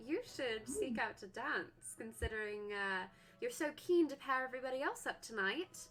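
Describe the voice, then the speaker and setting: A woman teases her friends in character during a tabletop game. Her voice is high and bright, swinging widely, with faint music behind. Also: lively intonation, normal speed. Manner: teasing, playful. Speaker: player.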